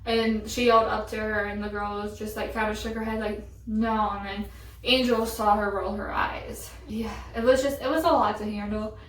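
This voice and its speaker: A woman's voice: medium pitch, steady tone, moderate pace, fairly bright tone, slight background noise. A young woman telling a story in casual chat, chatty and exasperated, with lots of "like". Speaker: vlogger. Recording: roomy echo, voice from a distance.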